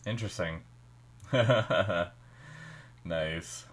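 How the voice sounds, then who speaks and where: A man hosts a casual reaction video in a fairly low voice. His nose is a little stuffy. He chats and thinks aloud as the episode plays. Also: drawn-out words. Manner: chatty, thinking aloud while watching.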